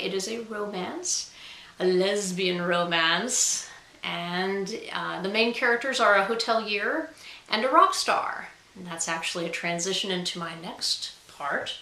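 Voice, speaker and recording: A woman's voice: mid-range voice, bright, forceful tone, roomy sound, rough recording. A woman author talking casually straight to camera in a chatty, self-deprecating way, with frequent ums. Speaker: author and guest vlogger.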